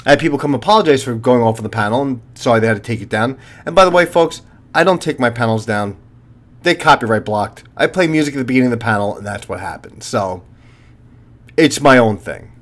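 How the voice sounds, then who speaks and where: A man's voice: mid-range voice, animated, fast talker, a bit bright. A retired police officer in his fifties, a channel host talking to viewers in a blunt, profane, lecturing monologue.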